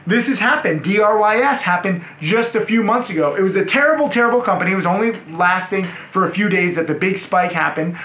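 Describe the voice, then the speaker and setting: A man's voice: high voice, sharp tone, reverberant, a little hiss or hum. A man teaching trading to a room of people, emphatic and repeating words for stress. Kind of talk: lecture-style talk to a room. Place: room with a live audience.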